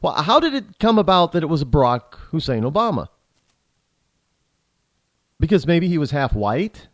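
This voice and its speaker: A man hosts a talk show and delivers a political commentary monologue. His voice sits high and swings widely as he rambles indignantly, stumbling over restarts and repeated words. The sound is dry, with no room echo. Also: sing-song, moderate pace.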